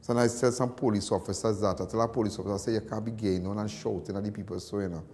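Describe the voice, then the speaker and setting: A man's voice: lowish voice, fairly even intonation, very fast, darkish tone, in a large hall. Rambling Trinidadian man on a call-in show. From Trinidad and Tobago. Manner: rambling, folksy, repeats himself. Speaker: talk show host. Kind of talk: casual live call-in talk.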